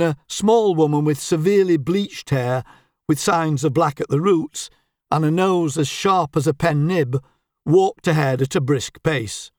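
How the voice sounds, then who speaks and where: A man narrating a humorous story in a wry, measured reading voice. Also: fairly high pitch, no echo, studio quality.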